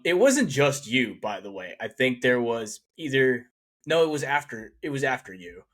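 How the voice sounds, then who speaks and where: A man's voice: medium pitch, sing-song, moderate pace, fairly bright tone. A man hosting a podcast, chatting easily and laughing along with his guest. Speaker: podcast host. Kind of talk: casual chat.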